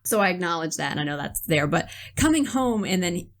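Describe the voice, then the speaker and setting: A woman co-hosting a podcast in casual chat, telling animated stories, acting out quotes and swearing casually. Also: lowish voice, fairly quick. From northern United States. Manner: animated storyteller, acts out quotes, laughs a lot. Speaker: podcast co-host.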